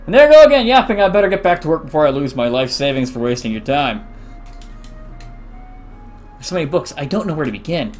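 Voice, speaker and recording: A young man hosting a let's play, reading game dialogue aloud with chatty, excitable reactions. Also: mid-range voice, brisk, long pauses, soft background music.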